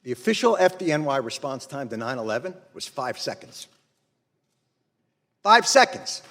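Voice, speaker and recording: A man giving impassioned, angry testimony at a hearing, blunt and building to forceful emphasis. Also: medium pitch, animated, fairly quick. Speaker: witness testifying before Congress. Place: large hearing room. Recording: long reverb of a large hall.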